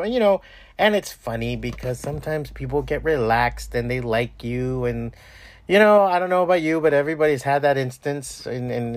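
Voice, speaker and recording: A man rambles through a casual podcast monologue from home, swearing freely and restarting his sentences. His voice sits at an ordinary pitch for a man. The sound is close and dry, with no room echo. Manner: profane, rambling, lots of restarts and fillers. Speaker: podcast host.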